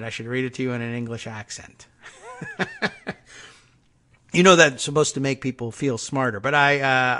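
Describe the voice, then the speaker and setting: A man's voice: mid-range voice, fairly bright tone. A man hosting a political podcast, reading news stories aloud with sardonic, wry asides.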